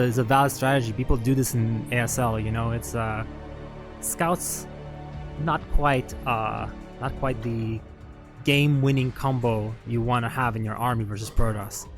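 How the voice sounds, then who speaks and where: A man commentating a strategy game match at a live event, chatty and analytical with frequent laughs and fillers. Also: medium pitch. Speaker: esports commentator. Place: venue at a LAN event.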